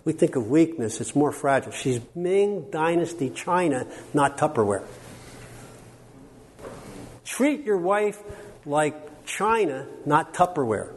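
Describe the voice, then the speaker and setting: A middle-aged man teaching a workshop on counseling to a live audience. He talks in an animated, joking way and quizzes the listeners with questions. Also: on the high side, takes it slowly, slightly rough. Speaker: workshop speaker on biblical counseling. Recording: long hall reverb, faint background noise.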